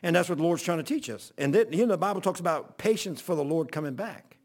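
A man's voice: a little high, lively intonation, fast talker, darkish tone. A man, a pastor telling a funny story in a folksy sermon, often laughing as he goes. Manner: folksy and laughing, acts out voices.

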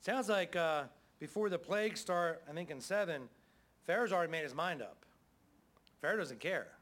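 Middle-aged male pastor, folksy conversational sermon, fairly high voice, amen after amen. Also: expressive, moderate pace, fairly bright tone.

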